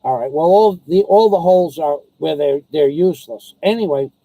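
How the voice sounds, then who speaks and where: A man vlogging in a rambling, casual monologue, telling stories and quoting people as he grumbles about high prices and masks. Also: moderate pace, no room sound, dull audio.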